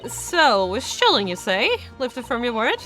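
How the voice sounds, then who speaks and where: A woman voicing a young pickpocket girl, who talks in a cheeky, gruff, streetwise way. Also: a little high, big pitch swings, measured pace, a bit bright, faint music behind, pitched above the performer's own voice. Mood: defiant.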